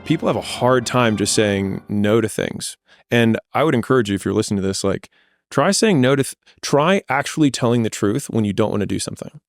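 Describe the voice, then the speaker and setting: Guy with a low gravelly voice, blunt and plainspoken, dry close sound, faint music behind. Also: animated, fairly quick, no room sound. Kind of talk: candid conversational talk.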